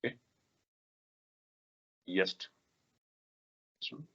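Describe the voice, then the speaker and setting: A man leading a live software tutorial for a workshop, talking in halting bursts with many fillers, restarts and repeated "okay"s. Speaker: workshop instructor. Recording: dull lo-fi recording.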